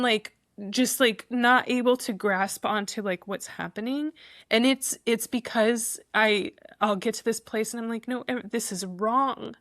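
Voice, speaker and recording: A woman guest on a podcast, speaking haltingly with restarts and small laughs. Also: fairly high pitch, a bit bright, no room sound, clean studio sound. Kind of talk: casual conversation.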